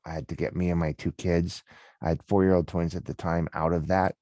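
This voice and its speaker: Middle-aged male guest, very low voice, candid storyteller, dry close sound. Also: little pitch movement, brisk, warm tone, no room sound. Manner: candid and storytelling, with many restarts. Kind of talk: casual interview talk.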